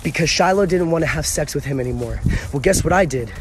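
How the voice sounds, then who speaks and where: A man's voice: a little high, fast talker, background noise. A man in a played clip, arguing bluntly in casual slang.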